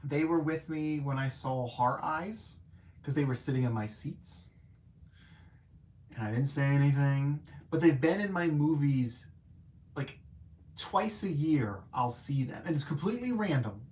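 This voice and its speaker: A man hosting a casual live-stream movie review, chatty and animated, with lots of filler words and playful self-mocking asides. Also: on the high side, normal speed, a little hiss or hum.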